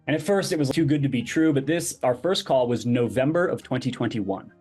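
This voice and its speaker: A man's voice: medium pitch, expressive, brisk, a little mellow, breathy edge, faint music behind. A man, a podcast guest, telling a story in casual conversation and acting out the dialogue he quotes. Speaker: podcast guest, crypto project founder.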